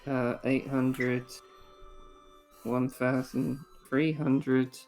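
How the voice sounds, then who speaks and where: Man, game master, relaxed narrator, mid-pitched voice, faint music underneath. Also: extremely slow. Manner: relaxed, tallies sums, narrates shop scenes.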